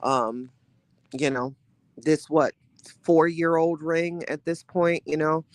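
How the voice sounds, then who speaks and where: Woman podcast host, animated casual commentary, dry close recording. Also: sits low, slow pace, no echo. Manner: chatty, animated, exclamatory with laughter.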